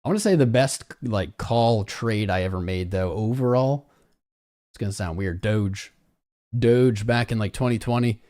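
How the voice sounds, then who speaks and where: Man, lowish voice, casual livestream host, chatty, greets viewers by name. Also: normal speed, a little mellow. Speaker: crypto trading livestream host. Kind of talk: casual live-stream chat.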